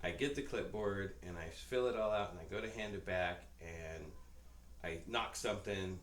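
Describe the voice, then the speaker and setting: A man co-hosting a podcast in casual chat, an excitable storyteller who keeps laughing. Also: sits low, normal speed, roomy sound. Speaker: podcast co-host.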